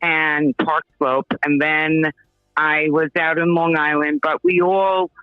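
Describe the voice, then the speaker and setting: A woman's voice: low voice, little pitch movement, slow, clear, resonant tone, no echo, faint music behind. A woman from Brooklyn with a New York accent, calling in and chatting, laughing often over a phone line. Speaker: caller. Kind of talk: casual chat. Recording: tinny phone line, dry.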